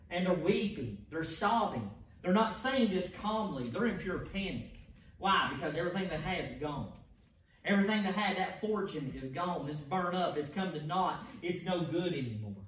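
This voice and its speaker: A man's voice: sits high, a bit bright, a little hiss or hum. A man preaching an evening sermon in an emphatic style, often repeating words and restarting phrases. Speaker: pastor. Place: church sanctuary. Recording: echoey church heard from a distance.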